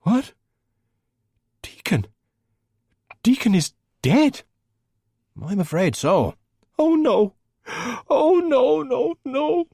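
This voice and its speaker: A man voicing a middle-aged woman neighbour who sobs and wails in high-pitched grief, reading an audiobook. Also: very animated, extremely slow, pauses often, darkish tone, breathy edge, dry recording, studio quality, heavily acted. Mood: wailing grief. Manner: sobbing, wailing, high-pitched.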